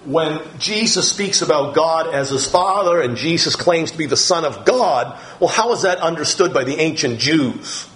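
Slow-preaching middle-aged man. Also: fairly high pitch, expressive, a bit bright, rough recording. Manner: slow, deliberate Bible teaching with many pauses and fillers. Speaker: pastor. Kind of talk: sermon.

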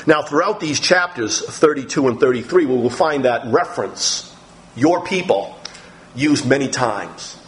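A man preaching a sermon, reading scripture aloud and acting out the quoted voices with sudden, dramatic lifts in his voice. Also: unhurried. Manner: animated, acts out quoted speech with big pitch jumps.

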